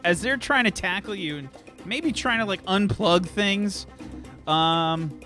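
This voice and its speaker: A man's voice: sits high, takes it slowly, sharp tone, faint music behind. A man running a tabletop role-playing game as game master, narrating with lots of fillers and laughs.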